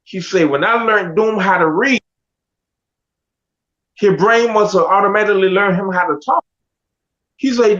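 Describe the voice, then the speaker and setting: A man with a high voice tells his life story in a loose, animated way, acting out friends and teachers as he goes. His speech is casual and full of slang. The recording sounds dull and lo-fi. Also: measured pace, long pauses.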